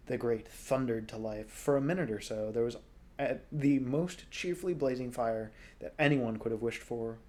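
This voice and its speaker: Guy reading a kids' storybook, mid-pitched, laid back, fixes little slips. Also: normal speed. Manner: relaxed, with small slips and self-corrections. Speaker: audiobook reader. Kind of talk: storybook read-aloud.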